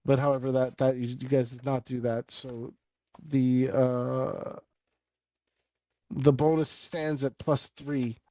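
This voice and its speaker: A man as game master, narrating and explaining rules in a relaxed, conversational way. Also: mid-range voice, takes it slowly, no room sound, low-quality recording. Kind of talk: running a tabletop game.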